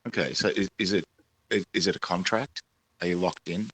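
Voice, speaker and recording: A man's voice: deep voice, brisk, fairly bright tone, no room sound, rough recording. An Australian man in casual chat, asking teasing, probing questions on a call.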